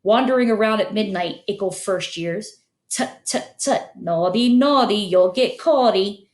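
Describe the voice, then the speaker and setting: A woman's voice: mid-range voice, a little slow, echoey room, natural voice. A woman voicing a mischievous male poltergeist in an audiobook, taunting in a cackling sing-song. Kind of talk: audiobook character voice.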